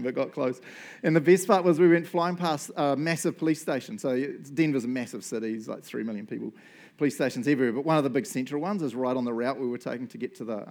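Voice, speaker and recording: A man, preaching a sermon as a lively storyteller who acts out what people said and often checks in with "right?". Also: a little high. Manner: animated, acts out quotes, frequent "right?" and "um". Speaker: pastor.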